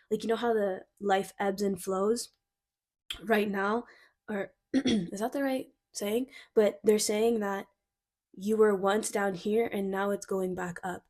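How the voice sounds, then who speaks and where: A young woman doing a casual intuitive card reading, excitable and giggly, gushing and a bit flustered, full of "like" fillers. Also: medium pitch, a little slow. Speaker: tarot card reader.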